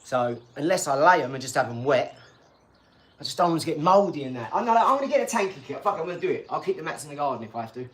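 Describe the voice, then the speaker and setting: A man's voice: fairly high pitch, lively intonation, rapid-fire, a bit bright. Rambling British man chatting on a livestream. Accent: British English. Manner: rambling, blunt, swears freely, chats to viewers. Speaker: boxing livestream host. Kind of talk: casual livestream chat.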